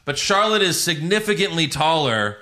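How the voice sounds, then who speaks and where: A man's voice: on the high side, very animated, moderate pace, bright, forceful tone. A man co-hosting a casual podcast chat, recapping wrestling with sarcastic jokes.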